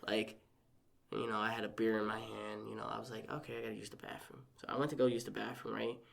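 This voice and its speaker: A young man, a podcast guest, telling a personal story in casual chat, animated and acting out quotes with lots of "like". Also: on the low side, fast, vocal fry.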